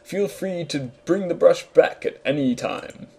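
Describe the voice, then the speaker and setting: A man's voice: on the high side, measured pace, creaky, mellow, slightly rough, voice pushed up, full character voice. A man voicing a kind old male shopkeeper in a fan reading of a game, with polite, formal speech. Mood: courteous.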